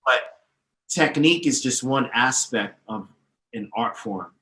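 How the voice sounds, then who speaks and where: Bright and forceful, this medium-pitched male voice is unhurried. The speaker, a DJ teacher guesting on a podcast, explains at length with confidence and emphasis, citing names and history, and the sound is roomy and echoey.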